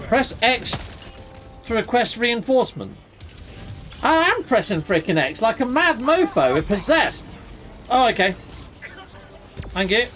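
A British man who hosts a gaming channel, talking through his play in a casual, excitable way and yelping when things go wrong. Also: very high-pitched. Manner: excitable, exclaims and yelps during fights. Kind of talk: casual let's-play commentary.

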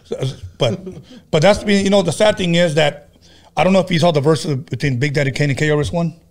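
A man's voice: on the high side, a little fast. Rambling, joking male podcast host. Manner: loose, profane and joking, tells stories with many restarts. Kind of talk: casual chat.

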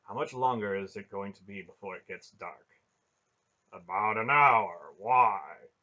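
A man voicing a devout, austere male cave-dweller who speaks quietly and tersely, on a dull lo-fi recording. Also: on the low side, measured pace.

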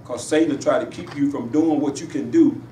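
A man preaching a sermon in a church, with emphatic call-and-response delivery that rises in pitch on his punchlines. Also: fairly quick, warm tone, far from the mic. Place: church sanctuary. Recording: echoey church room, voice from afar, faint hiss.

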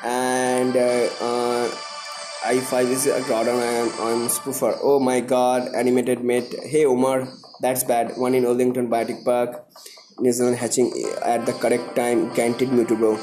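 Excitable man hosting a live stream. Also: mid-range voice, normal speed, music in the background. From India. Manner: excitable, greets viewers by name, repeats himself. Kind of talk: live-stream chat with viewers.

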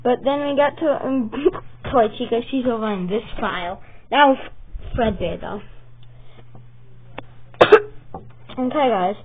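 A woman hosting a casual vlog, chatting and rambling as she shows her drawings, with the hiccups and bursts of excitement. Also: a little high, takes it slowly, long pauses. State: has the hiccups. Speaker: channel host showing her drawings. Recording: tinny phone-like sound with faint noise.

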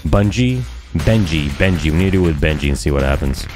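A man's voice: rumbling low, expressive, fast talker. A man giving casual, joking commentary while playing a game, trash-talking enemies in slang. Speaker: let's play gamer. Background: game music and gunfire.

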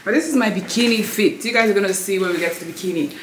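A woman's voice: medium pitch, rapid-fire, slight background noise, low-quality recording. A woman chatting casually to camera in a travel vlog, talking and laughing often. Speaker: travel vlogger.

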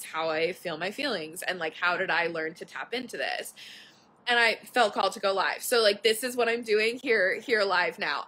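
A young woman talking casually into her phone from the couch, bright and forward in tone. She rambles openly, drops "like" constantly and swears without a second thought. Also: mid-range voice. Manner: chatty, candid, swears casually, lots of "like". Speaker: podcast host. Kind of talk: casual live chat. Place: at home on a couch.

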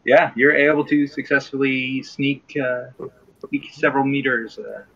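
A man with an Australian accent narrating a tabletop game as game master, pausing often with fillers as he describes scenes. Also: medium pitch, steady tone, creaky, fairly bright tone, husky, dull audio. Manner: hesitant, with many uh fillers while describing scenes.

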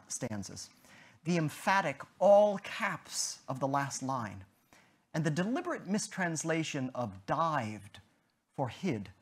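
A man giving an academic lecture, in a measured, deliberate way with emphatic stresses and a slightly husky voice. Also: medium pitch.

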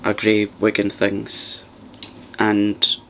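A man hosting a soft-spoken ASMR chat, rambling and partly whispering as he talks. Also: on the low side, completely flat delivery, very slow, slight background noise. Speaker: ASMR channel host.

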